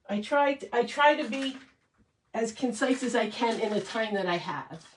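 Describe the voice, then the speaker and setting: A woman's voice: fairly high pitch, animated, normal speed, reverberant, distant mic, slight background noise, low-quality recording. A woman hosting a casual craft livestream, chatting and thanking viewers in an emotional, rambling way with many restarts.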